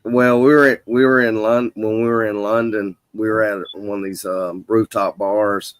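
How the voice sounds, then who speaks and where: A man with an Alabama accent telling an animated story in a casual chat. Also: fairly low pitch, moderate pace, clean tone, dry recording, low-quality recording.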